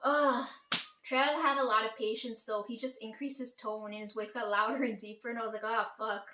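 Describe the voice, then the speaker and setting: Brief: woman, fairly high voice, blunt swearing storyteller, echoey room. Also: fairly even intonation, a little fast, far from the mic, background noise. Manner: blunt, profane, emphatic, keeps asking "right?". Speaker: vlogger telling a family story. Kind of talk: casual storytelling to viewers.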